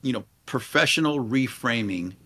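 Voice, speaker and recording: A man in his forties, a police leader, telling a personal story in an interview in a halting, earnest way with many restarts. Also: mid-range voice, animated, bright, forceful tone.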